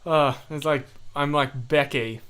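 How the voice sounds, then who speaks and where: Slow-talking young man chatting on a livestream. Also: a little high, steady tone, fairly bright tone, clean tone. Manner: rambling, self-deprecating, chatty. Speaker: livestream host. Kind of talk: casual livestream chat with viewers.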